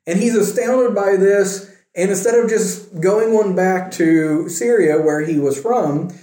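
High-voiced man telling a story animatedly. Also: measured pace. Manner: animated storytelling with joking asides. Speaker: Bible study teacher. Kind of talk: casual Bible teaching. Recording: echoey room.

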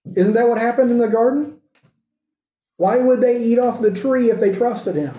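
A man preaching a sermon, asking rhetorical questions and moving between emphatic lines and hushed ones. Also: very high voice, moderate pace. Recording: echoey room.

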